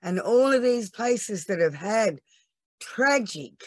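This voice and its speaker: A woman speaks slowly and earnestly, pausing often as she tells her story. She sounds teary and moved. Her voice is dry and close, with no room around it. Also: medium pitch, lively intonation, no echo. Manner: earnest and emotional, slow storytelling with pauses. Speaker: laughter yoga trainer, podcast guest. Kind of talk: podcast interview.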